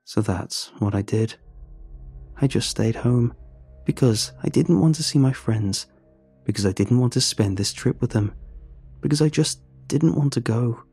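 A man's voice: mid-range voice, a little slow, warm tone, slightly rough, soft background music. A man narrating a first-person story in an earnest, emotional way.

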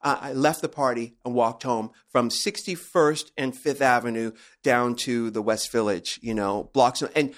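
A man's voice: mid-range voice, unhurried, hardly any pauses, fairly bright tone. A man in his sixties hosting a casual chat, talking in a chatty way and hesitating with many fillers. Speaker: host.

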